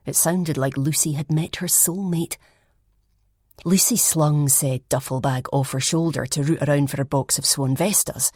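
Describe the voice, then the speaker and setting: A woman narrating a first-person mystery audiobook in a measured storytelling manner. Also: low-pitched, steady tone, darkish tone, no room sound, clean studio sound.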